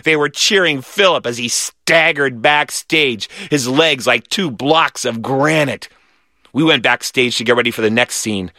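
A man reading a children's story aloud in a lively, animated way. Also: medium pitch, a little slow, no echo, clean studio sound.

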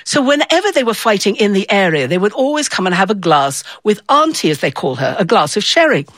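A woman from the north of England telling a personal story in a playful, expressive way, acting out the voices in it. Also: medium pitch, a little fast, dry recording.

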